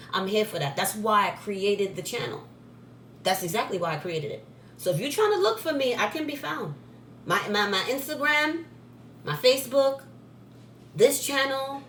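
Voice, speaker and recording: A woman's voice: high-pitched, a bit bright. A woman who runs a spiritual supply shop, talking straight to camera in a blunt, scolding way and repeating herself for emphasis. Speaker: spiritual shop owner and channel host. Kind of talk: casual direct-to-camera vlog. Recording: echoey room, faint background noise.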